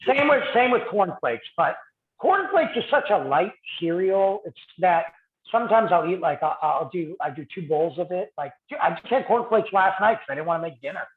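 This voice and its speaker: A man co-hosting a podcast, chatting casually with quick asides and frequent laughs. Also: high-pitched, expressive. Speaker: podcast co-host. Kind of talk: casual chat. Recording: roomy, tinny phone-like sound.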